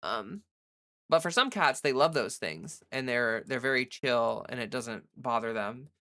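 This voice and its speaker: With a rumbling low, slightly bright voice, a woman livestreams from home at an unhurried but animated pace. She chats loosely, answers viewers' messages, and leans on plenty of "like" fillers.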